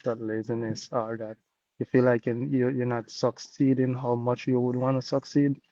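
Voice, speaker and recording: Over dull, dry video call audio, a business owner from Jamaica speaks as an interview guest in a warm, medium-pitched voice. His Jamaican accent comes through as he shares his story earnestly, repeating himself and staying motivational in a casual testimonial style.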